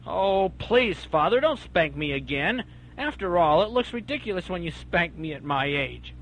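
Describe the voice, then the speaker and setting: A cranky man, played by a man in a homemade comedy radio play who rants with curses and then whines like a scolded son. His voice sits high and swings widely in pitch. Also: big pitch swings, moderate pace, fairly bright tone, exaggerated voice. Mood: pleading. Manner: cursing rants, then whining pleas.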